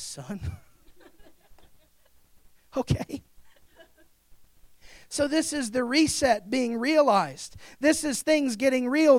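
A pastor preaching a fervent sermon to his congregation, building up to shouts. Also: very high-pitched, no room sound.

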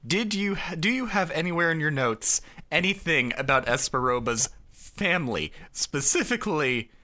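A man co-hosting a casual podcast chat with a dramatic, drawn-out delivery. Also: on the high side, expressive, pushed and bright. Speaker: podcast co-host.

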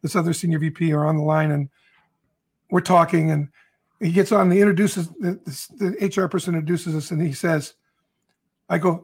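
A man's voice: a little high, steady tone, brisk, a little mellow, husky. A man consultant on a podcast, telling a long client story and acting out both sides of the dialogue. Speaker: leadership consultant.

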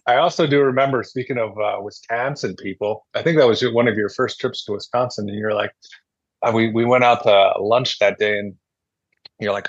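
A man's voice: on the low side, a little fast, muffled recording. A man talking as a guest in a reminiscing conversation, often restarting and repeating words.

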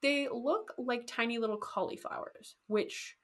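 A woman casually telling a history story on a podcast, animated and jokey, acting out quotes. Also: on the high side, measured pace. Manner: animated, jokey, acts out quotes in goofy voices. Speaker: podcast co-host.

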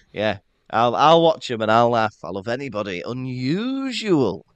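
A man's voice: medium pitch, takes it slowly, no echo, highs cut off. A man co-hosting a podcast, chatting casually and jokily and laughing often. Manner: jokey, animated, laughs often. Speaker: podcast co-host. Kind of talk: casual chat.

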